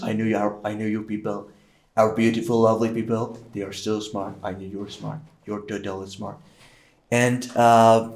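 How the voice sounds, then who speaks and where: A man putting on a bragging former president who circles back over the same boasts and mocks his rivals with nicknames. The voice sits low and mellow, swinging between loud bursts and mutters. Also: echoey room, lightly acted.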